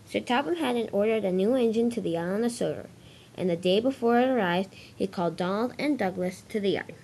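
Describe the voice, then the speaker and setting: A woman's voice: mid-range voice, brisk, darkish tone, slight background noise. Woman narrating a toy train story.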